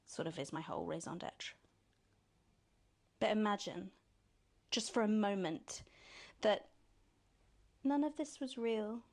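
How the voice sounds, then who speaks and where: An actress voicing a sly woman presenter who mockingly tempts the player toward being bad, in a video game. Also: natural voice. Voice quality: purring, mocking, drawn-out teasing delivery. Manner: sneering and condescending, mimics others in high silly voices. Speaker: news anchor.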